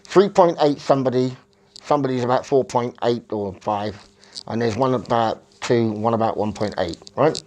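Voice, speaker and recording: A man's voice: medium pitch, moderate pace, a little mellow, slight background noise. A man from England, talking in a rambling, self-correcting monologue that searches for words. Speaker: vlogger.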